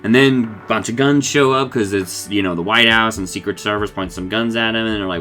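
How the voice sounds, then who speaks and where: A man's voice: on the low side, a little slow, bright, forceful tone, soft background music. A man casually recapping a cartoon episode, rambling and acting out the characters' lines, laughing often.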